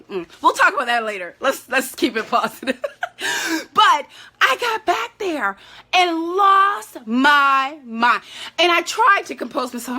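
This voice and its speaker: Bright, candid woman talking to parents. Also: high voice, big pitch swings, unhurried. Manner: candid and emotional, talks straight to other parents. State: tearful at times. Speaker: parent support vlogger. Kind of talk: heartfelt talk to camera.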